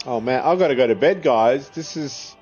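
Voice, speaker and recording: Australian gamer guy, relaxed play-along chatter, a bit dull audio, faint game music behind. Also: mid-range voice, moderate pace. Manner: chatty, swears freely, laughs often. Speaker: gaming video creator. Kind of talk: casual gameplay commentary.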